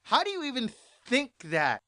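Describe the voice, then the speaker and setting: A vlogger telling a story as an exasperated rant, repeating points and bursting into loud outbursts. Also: sits high, huge pitch swings, normal speed, dry recording, clean studio sound.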